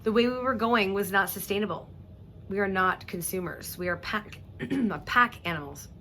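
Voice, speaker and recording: Woman, mid-pitched, earnest and tearful, direct-to-camera apology vlog, faint background hiss. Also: pushed and bright. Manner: earnest, heartfelt, halting with restarts and throat-clearing. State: emotional, near tears. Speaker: vlogger. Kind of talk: emotional personal address to viewers.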